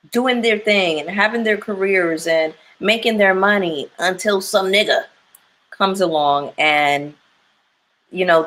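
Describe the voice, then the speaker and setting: A young woman hosts a live stream, speaking candidly and with emphasis to her viewers and reading their comments out loud. Her voice is fairly low in pitch with a fairly bright tone, and the recording quality is poor.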